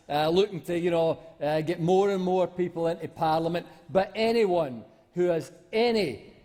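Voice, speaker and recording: High-voiced man rambling in an echoey chamber. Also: darkish tone. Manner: rambling and mocking, full of fillers and restarts. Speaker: senator. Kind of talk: parliamentary debate speech. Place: large debating chamber.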